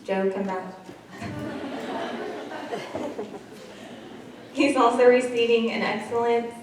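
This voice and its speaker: A woman's voice: a little high, fairly even intonation, moderate pace, some chatter behind, slight background noise. A woman teacher from Kansas giving out school awards in a chatty, emotional way, with laughing asides. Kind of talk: award ceremony speech. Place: school gym or hall. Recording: echoey hall, mic far off.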